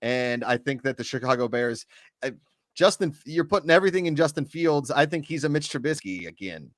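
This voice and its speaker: A man's voice: medium pitch, animated, brisk, no room sound, clean studio sound. A man co-hosting a casual sports talk show, giving opinionated and joking predictions.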